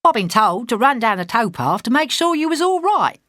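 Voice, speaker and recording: A woman's voice: fairly high pitch, big pitch swings, normal speed, a bit bright, no echo, clean studio sound, voice pushed up. A woman voicing a cheeky, skinny young man with a Cockney accent, cocky and full of slang.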